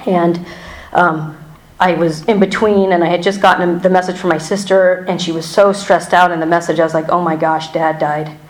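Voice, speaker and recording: A woman shares a personal testimony before a church gathering. She talks in a loose, candid way, with frequent fillers and restarts, a slightly low voice and a roomy, echoing sound. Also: steady tone, moderate pace. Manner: candid and conversational, many fillers and self-corrections, wry asides. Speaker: church member giving a testimony. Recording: roomy hall echo.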